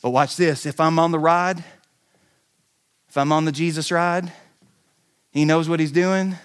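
A male pastor preaching a sermon, telling a story with animated delivery and bursts of shouting. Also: on the high side, a little slow, long pauses, clean tone.

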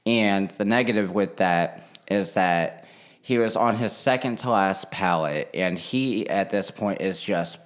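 A young man chatting casually, telling a work story in an animated, profane way and acting out what people said. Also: low-pitched, measured pace. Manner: animated, swears freely, slips into quoting people.

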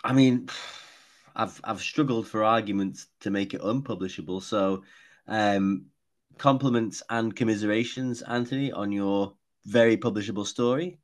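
A man's voice: fairly low pitch, normal speed. Hesitant man in casual chat. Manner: hesitant, with fillers and repeated starts. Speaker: podcast co-host.

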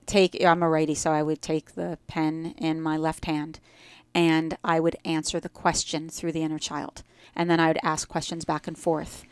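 A woman with a deep, smooth voice and a New Jersey accent appears as a guest on a casual podcast, with no room sound audible. She reflects on spiritual growth, often speaking in metaphors.

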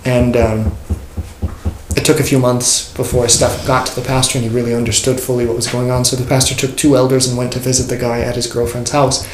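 A man teaching a church class in a loose, conversational way, with jokes and quick acted-out quotes. His voice has a mid pitch and rings in a reverberant room. A faint hiss sits under it. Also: little pitch movement. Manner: conversational, joking, acts out quoted people. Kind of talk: informal catechism class. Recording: echoey room with faint noise.

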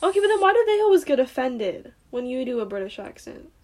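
A woman's voice: high voice, big pitch swings, fast talker, a little mellow. A young woman co-hosting a casual livestream chat, telling stories animatedly and asking emphatic questions. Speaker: livestream co-host.

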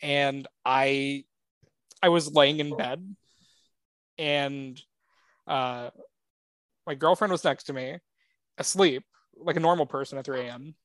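A man's voice: mid-range voice, slow, long pauses, a bit bright, no echo. A man co-hosting a casual pop-culture podcast, rambling through his points with lots of filler words and plenty of fan enthusiasm. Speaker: podcast co-host.

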